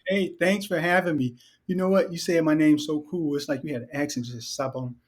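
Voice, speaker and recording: A middle-aged man from Detroit, a guest author and educator, talking casually in an interview with a relaxed, joking, reflective manner. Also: on the high side, brisk, heavy background noise. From Detroit, Michigan.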